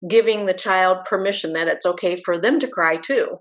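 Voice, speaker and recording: A woman hosting a webinar discussion as bereavement manager, thoughtful and halting, often restarting her sentences. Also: lowish voice.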